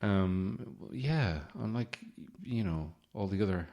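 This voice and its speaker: A man's voice: on the low side, animated, slow pace, vocal fry, warm tone. A man hosting a podcast, giving a comedic monologue in a sardonic, rambling way with swearing. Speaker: podcast host.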